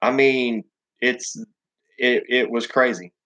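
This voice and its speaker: A man's voice: medium pitch, fairly even intonation, takes it slowly, pushed and bright. A man with a Southern US accent hosting a casual live chat, rambling and swearing, full of ums and restarts. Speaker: live stream host.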